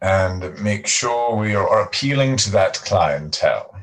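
A man's voice: lowish voice, animated, fairly bright tone, poor audio. A man playing a prim, cautious male director who speaks politely and formally. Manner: polite, measured, slightly formal.

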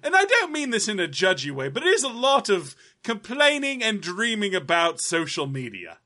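A man's voice: high-pitched, huge pitch swings, normal speed, pushed and bright, pitched above the performer's own voice, heavily acted. A man voicing a teasing, petty male rock-star ghost with a put-on English accent. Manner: jokey, teasing.

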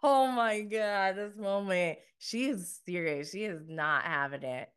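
Slow-talking bright woman reviewer. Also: mid-range voice, smooth. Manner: chatty, emphatic, laughs often, filler "like". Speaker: TV recap reviewer. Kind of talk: casual recap commentary.

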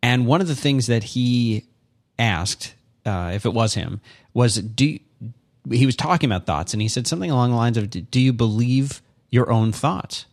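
A man's voice: mid-range voice, lively intonation, moderate pace. A man co-hosting a podcast, talking in a casual, thoughtful way with many restarts. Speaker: podcast co-host. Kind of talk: casual reflective chat.

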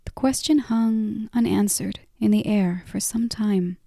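A woman narrating a story in a whispered role-play, softly and unhurriedly. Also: medium pitch, vocal fry, dry recording, studio quality. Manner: soft, unhurried reading.

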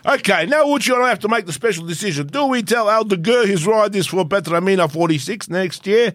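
A man's voice: high-pitched, lively intonation, a little fast, fairly bright tone, dry recording, studio quality, pitched above the performer's own voice. A man putting on a boastful Italian racing boss. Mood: scheming. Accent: put-on Italian. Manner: broken English, sly and scheming. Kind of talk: comic impression.

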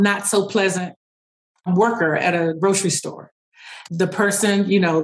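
A woman speech-language pathologist, a guest in an interview, explaining her therapy methods. She tells stories in an animated way and laughs often. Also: mid-range voice, rough recording.

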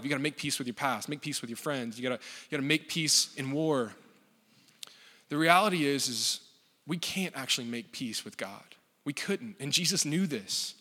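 Bright-voiced man preaching in a reverberant hall. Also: a little high. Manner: casual, joking storytelling. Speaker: pastor. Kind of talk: sermon. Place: church. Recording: long reverb of a church hall.

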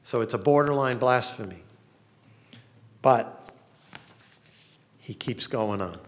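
A man's voice: medium pitch, takes it slowly. A male pastor preaching a sermon in an earnest manner, reading laments with rising passion.

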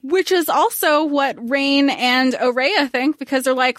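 A woman co-hosting a podcast, talking casually about a novel with animated, exasperated reactions. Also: sits high, unhurried, no echo, clean studio sound. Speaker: podcast co-host. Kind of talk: casual book discussion.

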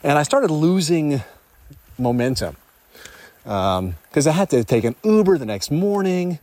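A young man, a life coach, recording a reflective vlog outdoors on a hiking trail, thinking aloud with pauses and restarts. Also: fairly high pitch, big pitch swings, a little mellow, dry recording.

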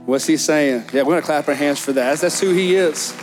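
A middle-aged man, preaching a sermon as pastor in a church, telling stories with lively animation. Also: a little high, a little fast, hardly any pauses, faint music behind. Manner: animated storytelling, acts out disciples' excited chatter. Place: church sanctuary.

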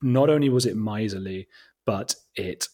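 A man's voice: on the low side, moderate pace. A man from England with an English accent, telling a long anecdote as an interview guest, full of fillers, asides and quoted remarks. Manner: animated, self-deprecating, many fillers and quoted asides. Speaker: documentary filmmaker, guest. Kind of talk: casual interview storytelling.

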